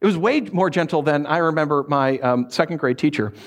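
Animated man preaching a sermon. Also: fairly high pitch, a little fast. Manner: animated storytelling with acted-out voices.

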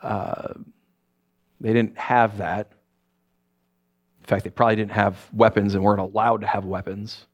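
A middle-aged man preaching a sermon as pastor, telling stories with a joking, animated manner and quick put-on voices. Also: fairly low pitch, highs cut off.

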